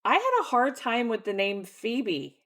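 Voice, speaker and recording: A woman's voice: fairly high pitch, big pitch swings, fairly bright tone. A young woman co-hosting a book club podcast, talking casually and laughing often in a playful way. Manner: giggly, playful, quick to laugh.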